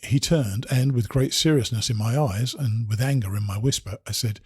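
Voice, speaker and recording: Man with a mellow, husky reading voice. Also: medium pitch, moderate pace, hardly any pauses, no room sound, clean studio sound. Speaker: narrator. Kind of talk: reading a first-person memoir aloud.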